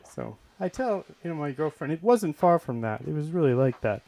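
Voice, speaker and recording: A man from Boston doing open mic stand-up, halting and hesitant with deadpan punchlines, on a comedy club stage mic. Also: fairly high pitch, gravelly.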